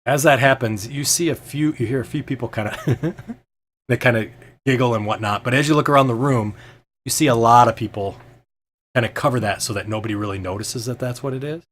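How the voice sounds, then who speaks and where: A man's voice: mid-range voice, fairly quick, fairly bright tone. Hesitant man narrating a tabletop game. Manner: hesitant, full of ums and restarts. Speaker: game master.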